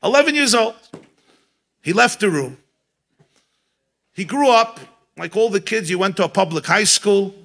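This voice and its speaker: A man who is a rabbi, telling a story at a gathering in a lively way and repeating key phrases for emphasis. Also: high-pitched, normal speed, gravelly, pauses often. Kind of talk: animated storytelling talk at a gathering.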